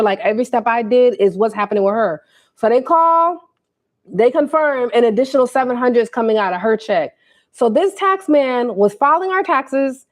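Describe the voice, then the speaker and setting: A young woman, telling a casual storytime on a livestream and acting out what people said. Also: fairly high pitch. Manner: animated, quotes people in put-on voices, talks to viewers. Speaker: livestream host.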